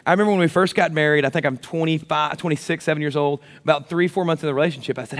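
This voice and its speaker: Animated man preaching in a reverberant hall. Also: on the high side, rapid-fire, few pauses. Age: 30s. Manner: animated, self-deprecating storytelling. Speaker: pastor. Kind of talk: sermon.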